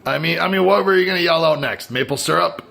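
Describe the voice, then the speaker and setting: A man's voice: fairly high pitch, quick pace, creaky, a bit bright. A Canadian man rambling sarcastically and swearing freely in a casual vlog, recorded on a phone. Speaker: vlogger. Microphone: phone camera.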